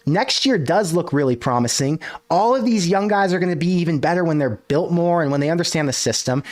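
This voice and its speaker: A man hosting a solo sports livestream from his desk, ranting in an animated, casual way with some swearing. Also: fairly high pitch. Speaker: sports podcast host. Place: home desk.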